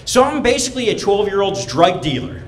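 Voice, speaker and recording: Lively-voiced male stand-up comic. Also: sits high, reverberant, rough recording. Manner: brash, storytelling, quick to act out other people. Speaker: stand-up comedian. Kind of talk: stand-up set. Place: comedy club stage.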